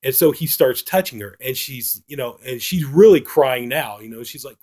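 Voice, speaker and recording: Man, film reviewer, casual plot recap, rambling, lots of fillers, mid-pitched voice. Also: animated, moderate pace, hardly any pauses, a little mellow.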